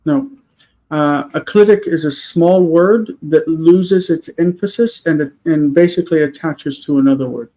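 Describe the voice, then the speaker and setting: A man teaching a grammar lesson on a video call, explaining patiently and slowing down to spell out words. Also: fairly high pitch, warm tone, low-quality recording. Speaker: Hebrew teacher. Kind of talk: online class lesson.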